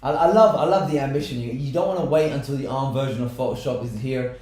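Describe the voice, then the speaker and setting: A man co-hosting a live tech stream, chatting casually and wryly as he tries out software. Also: mid-range voice, fast talker. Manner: chatty, wry commentary on software trials. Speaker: tech show co-host. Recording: very echoey room.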